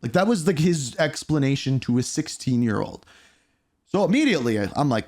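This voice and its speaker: This is a man in his thirties telling a personal storytime vlog straight to the camera. His delivery is candid and blunt, with casual swearing. His pitch swings widely as he goes, and it sits at a middle height for a man. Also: brisk. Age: 30s. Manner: candid, animated storytelling with profanity. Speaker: YouTuber.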